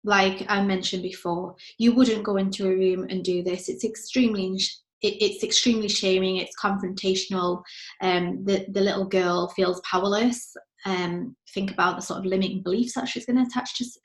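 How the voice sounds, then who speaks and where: A woman, a parent coach, giving earnest commentary on show clips and acting out what a parent might say. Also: mid-range voice. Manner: earnest, acts out parent and child voices in quotes. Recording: echoey room.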